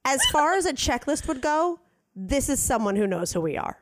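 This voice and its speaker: A woman co-host telling a story in casual podcast chat, with a fairly high voice that swoops up and down a lot. She is animated, acts out what people said in changed voices, and swears casually. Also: normal speed.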